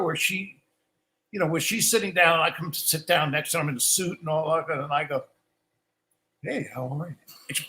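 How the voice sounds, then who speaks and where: A man's voice: high-pitched, pushed and bright, rough recording. An older man, a guest musician, telling rambling stories in a casual live Q&A. He restarts his sentences often and acts out quoted lines.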